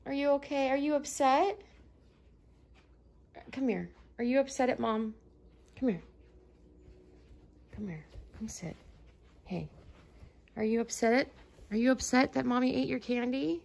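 A young woman talking as a mother in a casual home video, softly coaxing and gently repeating her questions. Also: high-pitched, a little slow, gravelly, pauses often.

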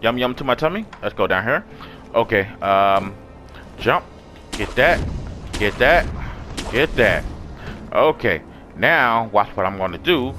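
A man giving excitable, profanity-laced let's play commentary, talking back to the enemies he fights. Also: on the low side, a little slow, pauses often. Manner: excitable, swears a lot, talks to enemies. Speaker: gamer. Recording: background music.

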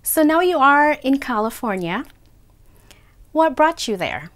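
A woman's voice: high voice, sing-song, a little slow. A woman hosting an interview show, introducing her guest and asking questions in a formal, welcoming tone. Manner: formal, welcoming announcer delivery. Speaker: show host.

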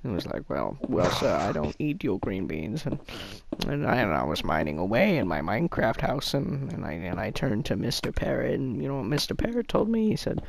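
A man's voice: mid-range voice, very animated, fairly quick, gravelly, a little hiss or hum. A man telling a rambling comic story over gameplay, stammering and repeating himself. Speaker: gaming video host.

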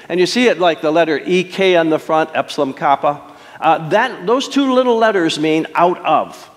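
A middle-aged man preaching a sermon as pastor, telling stories with dramatic pauses and emphatic swells. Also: high voice. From Detroit. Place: church sanctuary. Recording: long church hall reverb.

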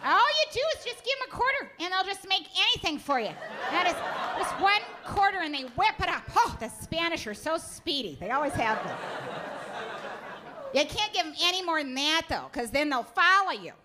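A woman's voice: very high-pitched, big pitch swings, moderate pace, very noisy, voice pushed up. A woman putting on a prim, patronizing mother. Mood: airy. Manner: sweetly patronizing, airy and breathless. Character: oblivious, pompous middle-aged mother, prim and condescending. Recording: live club with audience laughter.

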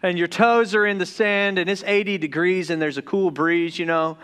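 A man from the Deep South preaching a casual, joking sermon as pastor, who stumbles over his words when excited. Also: moderate pace, clear, resonant tone. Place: church sanctuary.

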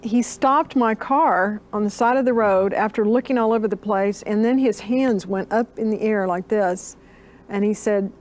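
Older woman guest, earnest storyteller, middle pitch, recalls the conversation line by line. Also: moderate pace, a little mellow. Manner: earnest storyteller, acts out quoted dialogue. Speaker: interview guest. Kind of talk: recounting a personal story.

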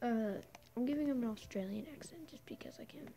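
A woman's voice: fairly high pitch, fairly quick, mellow, poor audio. Giggly woman playing a game. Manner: giggly, self-mocking asides. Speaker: player reading a game aloud. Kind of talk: let's-play commentary.

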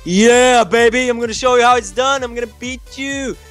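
A man's voice: very high voice, normal speed, loud music behind the voice. A young man as co-player in a casual gaming chat, playful, giggly and protesting.

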